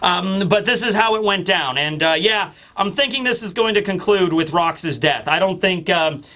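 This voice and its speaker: A man hosting a casual manga chapter review, talking in an excitable, rambling way with casual swearing. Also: high-pitched, moderate pace.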